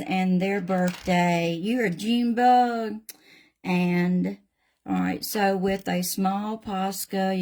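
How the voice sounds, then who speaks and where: Slow-talking older Southern woman. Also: medium pitch, a little mellow. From Southern United States. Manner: chatty and folksy, talks to viewers by name. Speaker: craft channel host. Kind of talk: casual live painting demonstration.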